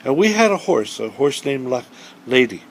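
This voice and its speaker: A middle-aged man telling a children's story out loud. He talks in a warm-hearted folksy way and keeps it animated, leaning into the people and moments he describes. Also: mid-range voice, normal speed, slight background noise. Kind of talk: true story told aloud to children.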